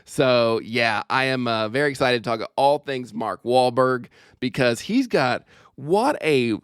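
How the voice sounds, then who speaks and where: Guest comic, man in his 30s, smooth clear voice, dry close mic, jokey and a bit sweary. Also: mid-range voice, a bit bright, no room sound. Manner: jokey, sweary, quick asides. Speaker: podcast guest, stand-up comedian. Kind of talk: casual podcast chat. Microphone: remote call microphone.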